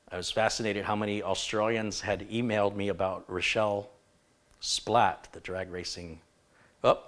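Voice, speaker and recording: On a live computer repair stream, a man with a lowish voice thinks aloud while diagnosing a PC, rambling and correcting himself often.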